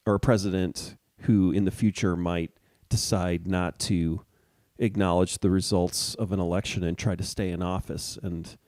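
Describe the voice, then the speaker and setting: A middle-aged man from the Chicago area, co-hosting a casual chat show and talking in a halting way with many fillers. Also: sits low, fairly even intonation, darkish tone, no room sound, clean studio sound. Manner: hesitant, halting, many ums and uhs. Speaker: podcast co-host.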